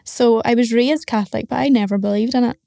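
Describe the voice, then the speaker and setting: Young Northern Irish woman, frank matter-of-fact guest, higher voice, flat delivery, mellow tone. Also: quick pace, creaky, dry recording, studio quality. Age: young adult. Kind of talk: candid interview talk.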